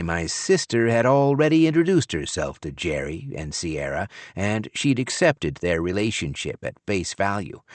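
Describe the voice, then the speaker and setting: A man narrating a novel in the first person, wry and expressive. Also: deep voice, no echo. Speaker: audiobook narrator.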